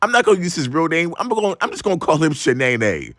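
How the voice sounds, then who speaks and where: Animated, profane young man telling stories. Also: on the high side, quick pace, dry recording, clean studio sound. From Maryland. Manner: animated, profane, slangy, exclaims "bro" a lot. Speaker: storytime vlogger. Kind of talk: casual storytelling.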